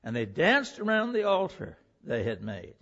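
A male pastor preaching a sermon, reading scripture aloud and explaining it with animated emphasis. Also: high-pitched, moderate pace, lo-fi sound.

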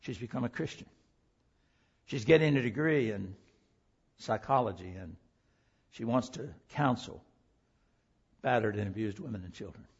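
A man preaching a sermon through a personal story, impassioned, swinging from loud pleading down to a hush. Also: lowish voice, moderate pace, long pauses, slightly rough, muffled recording. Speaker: preacher and teacher.

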